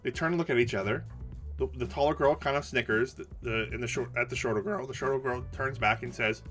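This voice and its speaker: A man telling a retail work story in a casual rant, animated and full of restarts. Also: medium pitch, fast, soft background music. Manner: animated, acts out the people in his story; repeats and restarts words often. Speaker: storytelling vlogger.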